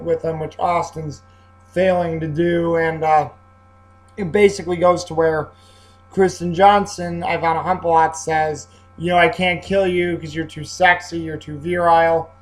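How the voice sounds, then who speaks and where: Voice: mid-range voice, poor audio. A casual film reviewer with a mid-range voice talks through a plot in a loose, rambling way. The delivery is full of fillers and self-corrections. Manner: rambling, with frequent fillers and restarts. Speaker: movie reviewer.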